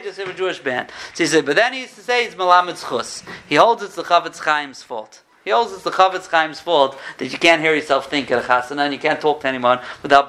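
A man with a high, bright, sharp-edged voice teaches an informal Torah class. He tells stories and often restarts his sentences. He sprinkles Hebrew terms through his plain English. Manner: storytelling with frequent restarts, mixes in Hebrew terms.

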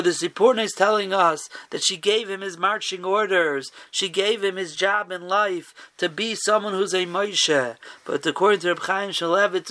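A man's voice: on the high side, bright, forceful tone. A man giving an emphatic sermon, telling a story and mixing in Hebrew and Yiddish terms. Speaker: rabbi giving a Torah talk.

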